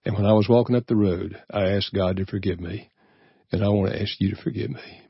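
A man's voice: fairly low pitch, steady tone, fairly quick, gravelly, husky, no room sound, lo-fi sound. An older man, a guest author, telling a personal story in an earnest, reflective way during a radio interview. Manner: earnest, reflective, easy chuckles.

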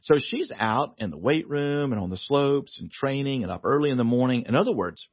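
A man, a guest author on a radio talk show, telling a family story in a lively way, laughing often and acting out the voices. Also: mid-range voice, brisk, no room sound, muffled recording.

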